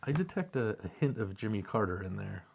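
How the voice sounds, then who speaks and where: A man's voice: lowish voice, sing-song, a little fast, creaky, darkish tone. A man co-hosting a casual chat, reading viewer comments in an easygoing way and laughing often.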